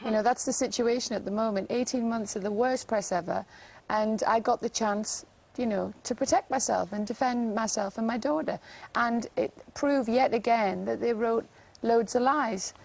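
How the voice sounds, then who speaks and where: A woman giving an insistent, emotional TV interview, talking fast with many fillers. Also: a little high, gravelly, poor audio. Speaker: interview guest.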